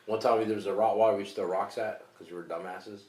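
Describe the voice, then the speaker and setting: A man's voice: on the low side, steady tone, quick pace, darkish tone. A man co-hosting a podcast, telling a profane story in casual chat. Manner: profane, reactive. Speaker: podcast co-host. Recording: echoey room, mic at a distance, faint noise.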